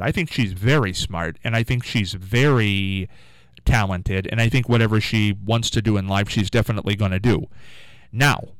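A man's voice: mid-range voice, smooth, dry recording, poor audio. A man hosting a local radio show, telling a rambling story in a chatty, casual way.

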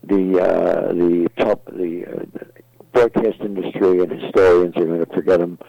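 An older man, a guest entertainer, gives rambling interview stories packed with fillers and restarts. He has a deep, creaky voice with a dark, steady tone and a measured pace, heard in a dull, dry, lo-fi recording.

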